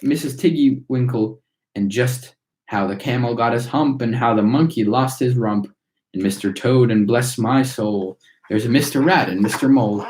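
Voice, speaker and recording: A man reading a chorus of tiny singing factory workers, reciting their verse in a steady rhythm. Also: mid-range voice, normal speed, lightly acted. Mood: preachy. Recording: roomy echo.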